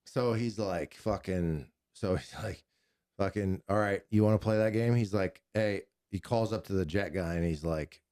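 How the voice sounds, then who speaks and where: A man with a fairly low voice telling war stories on a podcast. His talk is casual, loose and full of profanity. He rambles and often acts out what other people said. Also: moderate pace, a little mellow. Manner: veteran recounting combat. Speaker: podcast host, gun shop owner. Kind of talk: casual war story chat.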